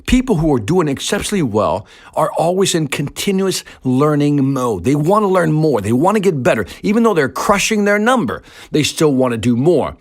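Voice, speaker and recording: A man's voice: on the high side, sing-song, normal speed, hardly any pauses. A man hosting a podcast, telling a sales story in an emphatic monologue and repeating his key points. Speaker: sales trainer and podcast host.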